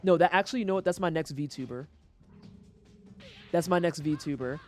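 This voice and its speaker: A woman's voice: low voice, moderate pace, soft background music. Woman ranting while streaming a game. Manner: profane, exasperated ranting. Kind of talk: casual gameplay commentary.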